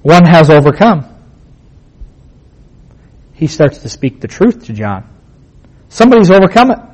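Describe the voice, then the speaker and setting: A man with a somewhat high voice teaches scripture in a casual sermon. He talks plainly, like he's chatting with friends, but keeps asking questions and repeating his key points for emphasis. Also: sing-song, unhurried, darkish tone, rough recording. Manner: rhetorical questions and emphatic repetition; plain conversational phrasing. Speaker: Bible teacher.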